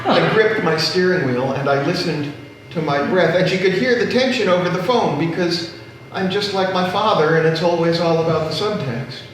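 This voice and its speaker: Middle-aged male stand-up, dry self-mocking storyteller, slightly high voice, heard from afar in a very echoey room. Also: moderate pace, hardly any pauses. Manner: dry, wry, self-deprecating delivery. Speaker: stand-up comedian. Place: live comedy stage with audience. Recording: very echoey room, distant mic, faint noise.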